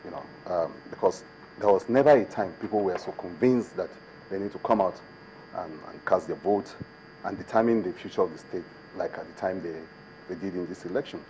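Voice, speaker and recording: A man's voice: sits low, a little fast, mellow, slight background noise, rough recording. A man, a state government commissioner, answering questions as a guest in a TV studio interview, building his case with emphatic repetitions.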